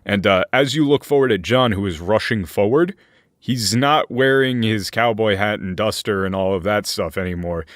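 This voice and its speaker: A man running a tabletop game as game master, narrating slowly with fillers and restarts. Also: fairly low pitch, no room sound, clean studio sound. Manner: slow, hesitant narration with many fillers.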